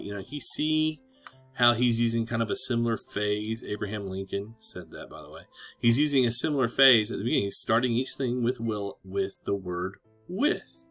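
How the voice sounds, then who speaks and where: A man's voice: on the low side, animated, normal speed, a bit bright, faint music behind. A man teaching a recorded lesson to children, chatty and encouraging. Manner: chatty, encouraging, reads quotes aloud with emphasis.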